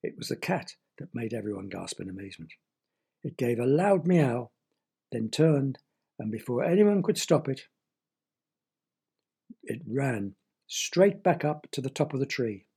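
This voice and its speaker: Gravelly storyteller man. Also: mid-range voice, big pitch swings, measured pace, long pauses, mellow. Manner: playful, asks listeners questions. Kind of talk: children's story narration.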